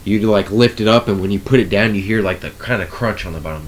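A man's voice: fairly low pitch, fast talker, a little hiss or hum. A man co-hosting a podcast, chatting casually and animatedly, acting out coworkers' lines and swearing freely. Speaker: podcast co-host. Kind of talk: casual chat.

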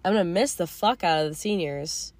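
A teenage girl hosting her own podcast, talking in a candid, rambling way with casual swearing and a voice going a little hoarse. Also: fairly low pitch, a little fast. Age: teens. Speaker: podcast host. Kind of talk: casual reflective monologue.

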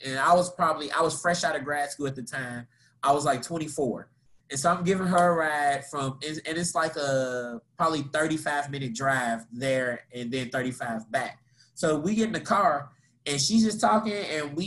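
A young man from Kentucky, co-hosting a podcast and telling a story in casual, slangy talk. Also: normal speed. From Kentucky, USA. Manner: animated, slangy, laughing, jumps into high voices for quotes. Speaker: podcast co-host.

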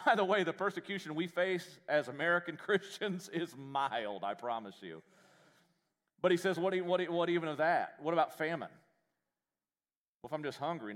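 A man preaching a sermon in a church, folksy and joking, with animated delivery. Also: on the high side. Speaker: pastor.

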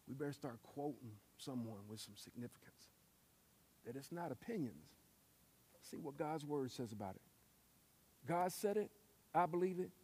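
A man preaching a sermon, telling stories and acting out quotes with lively shifts. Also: fairly high pitch, breathy edge. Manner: lively storytelling with acted-out quotes. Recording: long hall reverb.

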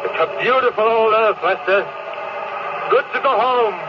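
An actor playing a doomed spaceship captain, speaking in a brooding, confessional way in 1950s radio drama style. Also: male voice, high voice, moderate pace, natural voice. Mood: serene. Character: doomed spaceship captain, regretful grown man falling. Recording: dull old radio recording with hiss.

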